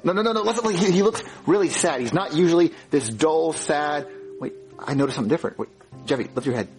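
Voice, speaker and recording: A man voicing a fretful, excitable father who stammers and repeats himself. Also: on the high side, fast, soft background music, natural voice, low-quality recording. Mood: frantic. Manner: frantic, stammering, repeats words. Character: fretful, excitable dad of a boy.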